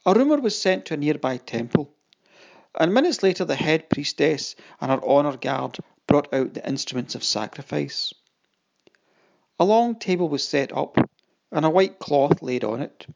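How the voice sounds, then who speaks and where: An audiobook narrator giving a dramatic, expressive first-person reading and voicing the quoted lines. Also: mid-range voice, normal speed, creaky.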